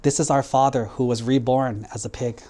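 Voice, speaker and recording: A man voicing a calm, wise monk brother in a story for children, speaking firmly and plainly. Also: mid-range voice, fairly quick, lightly acted. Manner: calm, firm, explaining. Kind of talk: storytelling sermon for kids.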